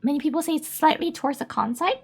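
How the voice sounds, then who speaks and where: A woman's voice: high voice, fast, gravelly, faint music behind. A woman from Japan, a native Japanese speaker with a Japanese accent, chatting casually on a live stream and reading out viewer messages in a giggly, cutesy way.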